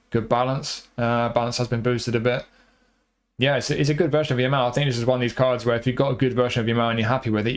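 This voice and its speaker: Fast-talking man reviewing game cards. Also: mid-range voice. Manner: rambling, repeats himself, many fillers. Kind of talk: casual commentary over gameplay.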